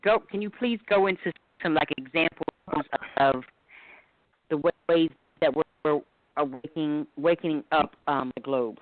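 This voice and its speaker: A woman hosting a podcast over the phone, speaking haltingly as she introduces her co-host and asks him a question. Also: deep voice, no room sound. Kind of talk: casual chat. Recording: tinny phone line.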